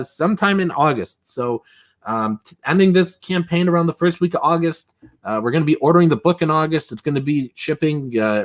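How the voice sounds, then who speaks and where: A man hosting a casual livestream, rambling and chatty, full of fillers and chuckles. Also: medium pitch. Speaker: livestream host.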